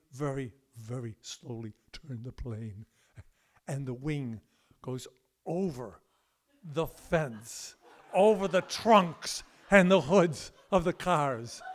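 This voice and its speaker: A man telling a personal story on stage at a live storytelling event, animated and imitating sounds with his mouth. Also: fairly high pitch.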